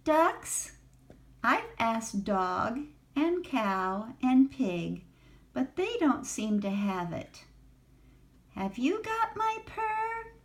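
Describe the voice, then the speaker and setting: An older woman reading a picture book, voicing a small sad kitten with high pleading questions. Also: sing-song, extremely slow, full character voice. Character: small sad young female kitten, earnest and determined.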